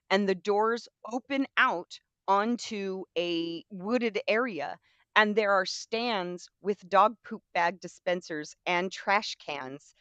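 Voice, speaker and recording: A woman's voice: medium pitch, a bit bright, no echo, lo-fi sound. A woman hosting a live stream, telling a long casual story in a chatty, rambling way with many fillers.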